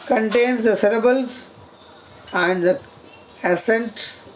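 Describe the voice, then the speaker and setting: A college lecturer giving a grammar lesson on spelling rules, speaking haltingly, restarting phrases and spelling words out letter by letter. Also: mid-range voice, slight background noise.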